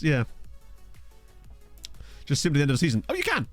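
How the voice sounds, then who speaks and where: A man's voice: on the high side, wildly swooping pitch, a little fast, no echo, soft background music. A young man casually commenting while streaming a football management game, thinking aloud and thanking viewers. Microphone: desk USB microphone.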